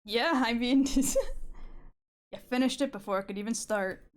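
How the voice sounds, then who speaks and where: A woman's voice: fairly high pitch, expressive, unhurried. A woman in casual chat on a stream, playful and joking, laughing often. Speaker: streamer co-host.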